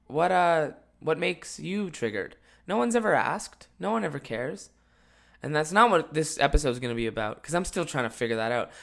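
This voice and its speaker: Young male podcast host, morning voice, bright tone, rambling comic rants. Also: on the high side. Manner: rambling, jokey, swings between loud rants and mumbled asides. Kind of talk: casual solo podcast chat.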